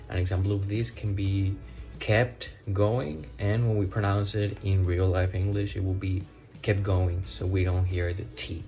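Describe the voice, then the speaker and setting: A man's voice: deep voice, mellow. A young man presenting a class project, explaining pronunciation loosely with frequent fillers. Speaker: student presenter.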